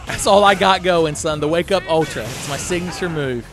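A young man giving casual, profane commentary while playing a fighting game, often shouting his special moves. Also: fairly high pitch, normal speed, over music. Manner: excitable, profane, yelling move names. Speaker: let's-play commentator.

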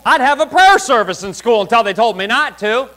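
A man preaching a sermon, emphatic and swinging between loud exhortation and quiet, hushed asides. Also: extremely high pitch, very animated, fairly quick, low-quality recording. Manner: emphatic, drops to a hush for asides.

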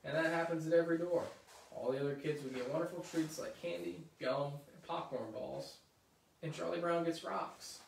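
Guy reading a kids' book out loud, chatty asides, echoey room, mic kinda far. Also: fairly high pitch, fairly even intonation, normal speed, creaky, a little hiss or hum. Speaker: story reader. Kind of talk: reading a children's book aloud. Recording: roomy echo, mic at a distance.

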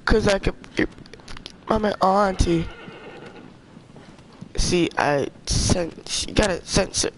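A young man streaming a video game, chatting in slang and yelling at the game when things go wrong. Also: sits high, takes it slowly, pauses often. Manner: excitable, trash-talking slang, yells at the game. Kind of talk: casual gaming commentary. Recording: noisy game sound underneath.

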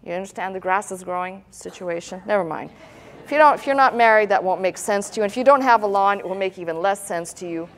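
A woman's voice: mid-range voice, quick pace. A woman pastor delivering a sermon in a conversational style, with rhetorical questions and asides.

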